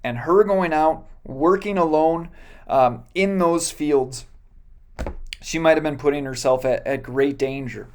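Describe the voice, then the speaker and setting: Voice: mid-range voice, unhurried, a little mellow. Pastor telling a Bible story casually. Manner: casual storytelling with joking asides; many fillers and self-corrections. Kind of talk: sermon retelling a Bible story.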